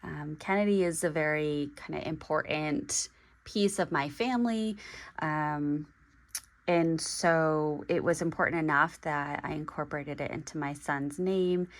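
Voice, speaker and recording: A woman in her forties talking through an unboxing vlog, halting and hesitant, with many pauses and restarts. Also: low voice. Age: 40s. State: emotional, getting teary. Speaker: stationery vlogger.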